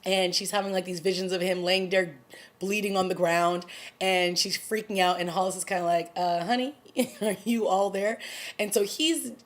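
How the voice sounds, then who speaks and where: A woman vlogger casually recapping a TV drama episode, excited and gossipy, acting out the characters' lines. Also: on the low side. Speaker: TV review vlogger. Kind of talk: casual chat.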